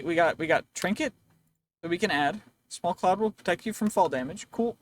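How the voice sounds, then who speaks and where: A man's voice: sits high, moderate pace, slight background noise. A young man casually commenting while playing a game, rambling and joking to himself, his voice slightly worn. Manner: chatty, rambling, jokey self-talk. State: voice a bit worn. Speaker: let's play host.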